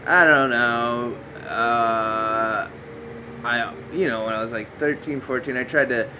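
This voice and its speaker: Dude rambling on his own podcast, slow and goofy, fan whirring in the back. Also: medium pitch, low-quality recording. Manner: goofy, joking, self-mocking, breaks into shouty bits. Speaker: podcast host. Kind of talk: rambling solo podcast monologue. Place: home room with a fan running. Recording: faint fan hum behind.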